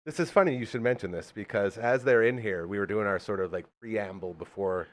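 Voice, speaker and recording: A man hosting a podcast, bantering excitedly in casual chat. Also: fairly low pitch, brisk. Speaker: podcast host.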